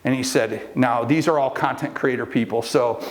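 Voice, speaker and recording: Coaching a live group, a middle-aged man spins a long motivational story, voicing the characters he quotes and stumbling through fillers and restarts. He speaks in a mid-range voice with a steady tone and moderate pace.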